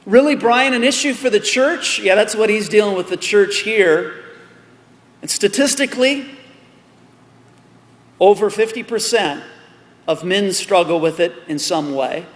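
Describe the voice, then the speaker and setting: A man preaching a sermon as pastor, animated, with joking asides and repeated words. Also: high-pitched, measured pace, pauses often. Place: large church hall. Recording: echoey hall with long reverb.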